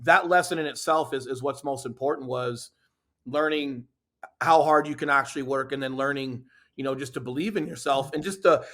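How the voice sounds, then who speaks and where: A man's voice: on the high side, a bit bright. A man in a casual interview, earnestly telling his story with lots of "you know" and "right?". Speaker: podcast guest, real estate team leader.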